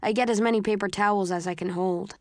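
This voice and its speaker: A woman narrating a story in the first person, in a measured, tense, understated way, close to the mic. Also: mid-range voice, steady tone, no room sound. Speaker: audiobook narrator.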